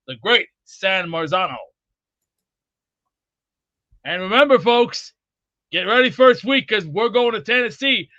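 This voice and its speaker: A man hosting a rowdy sports call-in show, loud and goofy, often breaking into whooping yells. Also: high voice, expressive, measured pace, pauses often, no room sound, lo-fi sound. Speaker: sports talk show host.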